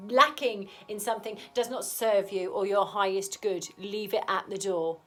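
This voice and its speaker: Frank, chatty woman with a cold, reading tarot over soft background music. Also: medium pitch, steady tone, normal speed. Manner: chatty, frank, keeps asking "okay?". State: has a cold. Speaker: tarot reader. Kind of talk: casual tarot reading to camera.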